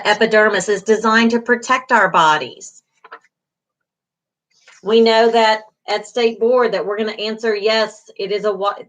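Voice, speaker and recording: A middle-aged woman teaching an online class. She talks in a patient, reassuring way, repeats the key terms, and uses plenty of everyday fillers. Her pitch sits at an ordinary middle height for a woman. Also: a bit bright, poor audio. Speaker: instructor.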